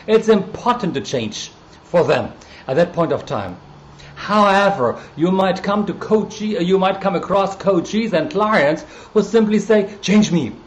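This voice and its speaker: A man with a German accent talks casually to a live-stream audience, greeting viewers by name between his points. His voice sits fairly high for a man, and his delivery is relaxed and chatty. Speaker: coach hosting a live stream.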